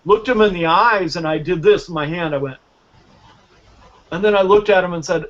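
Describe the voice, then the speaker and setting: A man teaching magic as a guest, telling stories in a casual, animated way and acting out the dialogue. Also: high-pitched, moderate pace, pauses often, dull audio. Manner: animated, acts out dialogue in quotes. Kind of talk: casual storytelling lesson.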